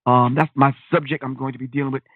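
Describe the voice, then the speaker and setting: A man's voice: medium pitch, little pitch movement, fast, dry recording. A man hosting a talk radio show in casual street slang, repeating his phrases. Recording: dry phone-quality line.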